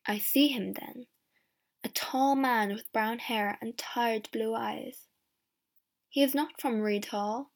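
Woman narrator, first-person storybook reading; slow, clear, slightly high. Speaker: audiobook narrator.

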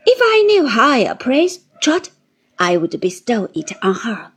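Woman voicing a brisk, proud elderly aunt. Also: a little high, wildly swooping pitch, a bit bright, breathy edge, full character voice. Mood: firm, earnest. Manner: clipped, emphatic, blunt.

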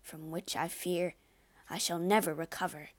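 A man's voice: a little high, flat delivery, moderate pace, natural voice. A woman reading as a trembling, frightened old doctor. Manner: trembling, fearful. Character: frightened, shaken older male doctor.

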